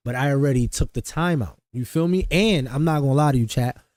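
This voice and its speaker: A man's voice: medium pitch, brisk, darkish tone, no room sound. A young man, a streamer, chatting casually and rambling in slang to his viewers, often mocking himself. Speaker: streamer reacting to a video.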